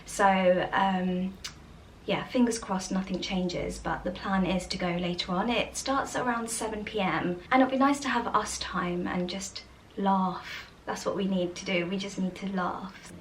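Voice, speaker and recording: A woman chatting casually to the camera in a home vlog, rambling and soft-spoken. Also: medium pitch, fairly even intonation, unhurried, a little hiss or hum, low-quality recording. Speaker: vlogger. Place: home interior.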